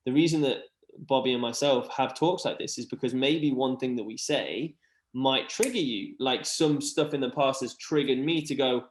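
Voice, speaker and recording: A man's voice: mid-range voice, moderate pace. Earnest rambling man, roomy echo. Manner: earnest, rambling, many "like" fillers. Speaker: podcast guest. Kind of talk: casual chat.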